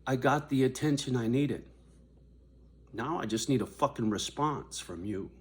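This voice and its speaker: An older man vlogging to his viewers in a confrontational, profane rant, dropping to low mutters and then rising to raised shouting. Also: normal speed. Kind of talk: angry direct-to-camera rant.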